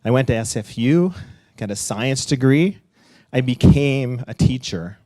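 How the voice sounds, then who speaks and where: A middle-aged man tells his own story to a live audience, his voice sitting at an ordinary middle pitch. He is lively and blunt, jumping up high when he acts out other people's lines. The sound is dry and close, with almost no room around it. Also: measured pace, dry recording. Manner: animated, acts out quotes with big pitch jumps, laughs and swears. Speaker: storyteller on stage. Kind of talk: personal story told live. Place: live event stage.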